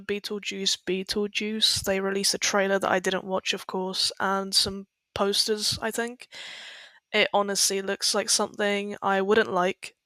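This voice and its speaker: A young woman co-hosting a podcast, giving brisk, matter-of-fact updates in casual chat. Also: medium pitch, sharp tone, no room sound. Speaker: podcast co-host.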